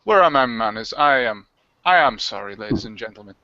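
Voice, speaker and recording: A man's voice: medium pitch, animated, a little fast, crowd noise. A man hosting a live stream, signing off in a jokey, chatty manner over a dull lo-fi online call. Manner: jokey, chatty sign-off patter. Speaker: host. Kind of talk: casual live stream chat.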